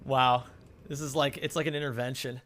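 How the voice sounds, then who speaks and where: Bright-voiced young man telling a rambling story. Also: mid-range voice, little pitch movement, fairly quick, a little hiss or hum. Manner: rambling storyteller, laughs often, swears freely. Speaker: speedrunner. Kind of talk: casual chat while gaming.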